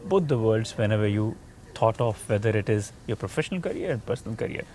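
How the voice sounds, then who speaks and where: A man's voice: on the low side, animated, fast talker, darkish tone. A man hosting a podcast interview, asking long, rambling questions with restarts. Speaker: podcast host.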